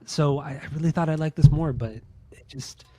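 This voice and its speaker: A man's voice: a little high, steady tone, a little fast, warm tone, slight background noise. A man in his late thirties co-hosting a podcast, talking bluntly and profanely and repeating himself to drive points home. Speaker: podcast co-host. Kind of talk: casual podcast chat, ranking albums.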